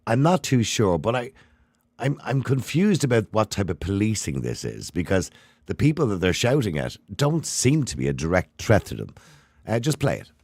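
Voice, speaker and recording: Animated Irish man hosting a phone-in. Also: on the low side, moderate pace, no room sound. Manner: lively, pushes back on callers. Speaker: radio phone-in host. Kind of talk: phone-in talk show.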